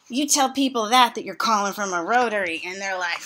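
Middle-aged woman vlogger, exasperated and chatty, bright tone. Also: mid-range voice, quick pace, hardly any pauses. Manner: chatty, exasperated, self-mocking asides. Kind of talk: casual rant to camera.

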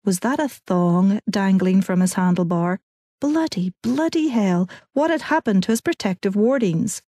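A woman narrating an audiobook in even, clear storytelling. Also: mid-range voice, normal speed, no room sound, studio quality. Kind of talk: scripted narration.

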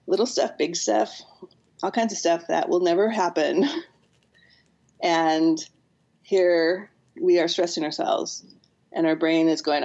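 A woman's voice: lowish voice, fairly even intonation, takes it slowly, pauses often, a little mellow, lo-fi sound. A woman psychotherapist, a podcast guest, earnestly explaining with acted-out examples. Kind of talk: podcast interview.

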